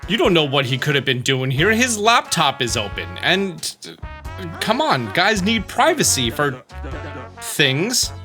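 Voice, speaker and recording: A man's voice: fairly high pitch, very animated, a little slow, music in the background. A man hosting a game walkthrough, narrating his moves with jokey asides. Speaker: let's play host.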